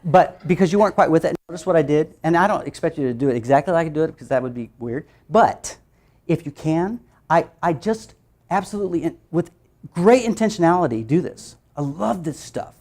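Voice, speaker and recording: A woman presenting a phonics teaching workshop, playful and animated, acting out letter sounds and laughing as she goes. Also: low voice, brisk.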